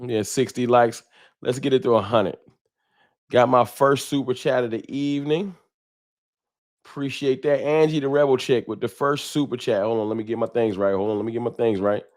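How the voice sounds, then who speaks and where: A man's voice: mid-range voice, steady tone, moderate pace. A man chatting casually on a live stream at home, speaking into a desk microphone. He greets viewers one by one in easygoing slang and keeps up a loose, running talk with the chat. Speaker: livestream host. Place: home room with a wall sign.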